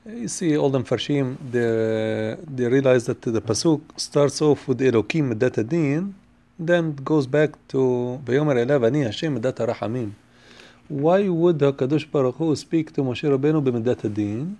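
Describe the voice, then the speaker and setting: Fast-talking man teaching a Torah class. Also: medium pitch, mellow. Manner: mixes Hebrew quotes into English, chanting the verses quickly; non-native English with frequent restarts. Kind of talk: Torah class on the weekly portion.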